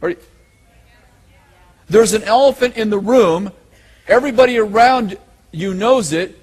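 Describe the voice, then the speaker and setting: A man preaching to a gathered audience in a high, husky voice. He hammers his points home by repeating them and putting questions to the listeners. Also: measured pace, a little mellow. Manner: emphatic, repeats key lines, asks audience questions. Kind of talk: sermon.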